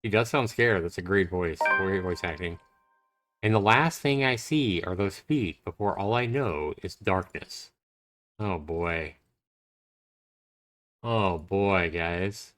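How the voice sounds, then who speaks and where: A man's voice: sits low, slow pace, pauses often. A man streaming a visual novel, reading its text aloud and commenting casually. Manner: casual, reactive, animated reading.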